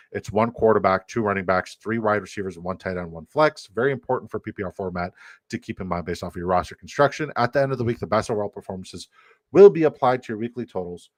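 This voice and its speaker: A man's voice: fairly low pitch, no room sound. A young adult man hosting a casual livestream with brash, profane, hype-man energy. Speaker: host.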